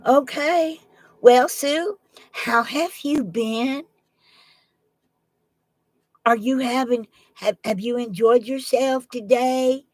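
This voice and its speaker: A woman's voice: fairly high pitch, slow pace, long pauses, dry recording. A woman hosting a casual live stream. She rambles in a folksy way and talks straight to her chat from a laptop at home. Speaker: livestream host. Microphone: laptop microphone.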